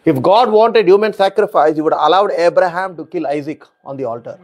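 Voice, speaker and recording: High-voiced man preaching emphatically. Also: fairly quick, a little mellow. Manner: emphatic, repeats phrases, frequent hallelujahs. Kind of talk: sermon.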